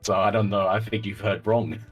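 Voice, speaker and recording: A man voicing a haughty English gentleman gunslinger in a murder mystery role-play, defensive and stammering. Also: on the low side, flat delivery, a little fast, faint music behind, lightly acted. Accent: put-on English.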